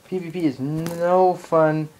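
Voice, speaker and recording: A man's voice: fairly high pitch, steady tone, slow pace, background noise. Ranting young-sounding male gamer. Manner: exasperated, ranting exclamations. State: annoyed. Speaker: gaming channel host. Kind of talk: live gameplay commentary.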